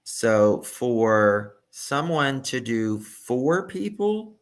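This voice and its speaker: A man's voice: medium pitch, very animated, extremely slow. A man giving emphatic true crime reaction commentary and repeating his key points.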